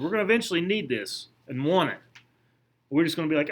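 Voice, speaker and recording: A man's voice: a little high, animated, quick pace, fairly bright tone. Question-asking history teacher, man. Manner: conversational, asks the class questions, frequent restarts. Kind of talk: classroom lecture. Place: classroom.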